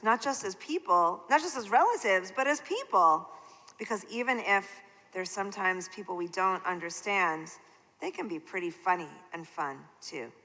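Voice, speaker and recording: A woman leading a service, speaking playfully and with animation to children in a synagogue sanctuary. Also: fairly high pitch. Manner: playful, animated, talking to kids. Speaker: service leader. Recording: echoey sanctuary reverb.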